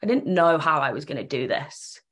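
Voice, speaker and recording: A woman's voice: sits low, expressive, normal speed, fairly bright tone, husky. A young woman tells her own story earnestly and emotionally, acting out the remembered dialogue. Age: young adult. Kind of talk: personal storytelling.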